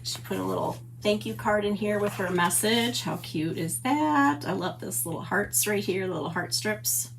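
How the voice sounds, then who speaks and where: A woman's voice: mid-range voice, moderate pace, gravelly, hardly any pauses, a little hiss or hum. A middle-aged woman hosting a papercraft livestream, chatty and gushing as she greets viewers by name. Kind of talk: casual livestream chat. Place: home stamp room.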